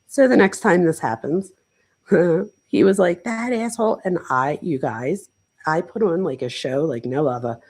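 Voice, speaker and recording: A woman's voice: low voice, animated, a little slow, darkish tone, slightly rough, rough recording. A woman hosting a casual livestream. She talks straight to her viewers in a chatty way, full of "like" fillers. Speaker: host and professor reading live chat.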